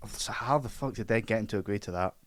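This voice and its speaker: Fast-talking low-voiced man. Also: no echo. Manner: quick, blunt, swears casually. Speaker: podcast co-host. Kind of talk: casual film chat.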